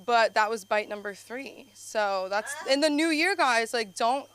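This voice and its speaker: Young woman rambling through stand-up. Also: a little slow. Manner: rambling, filler-heavy storytelling with frequent "like"; animated, jumps up in pitch for punchlines. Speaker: stand-up comedian. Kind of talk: open-mic stand-up set. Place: comedy club stage.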